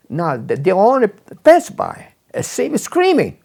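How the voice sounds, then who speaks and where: Older man, gravelly and lively, rambling interview memories. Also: high voice, a little slow. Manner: rambling, repeats words, animated when quoting others. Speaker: interviewee telling his life story. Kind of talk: casual storytelling.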